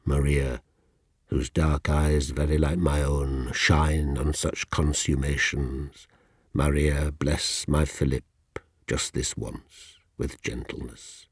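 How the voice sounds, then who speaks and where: Male poet, husky, unhurried delivery. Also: very deep voice, flat delivery, dry recording, studio quality. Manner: slow, deliberate, dropping to near-whispers. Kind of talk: poetry reading.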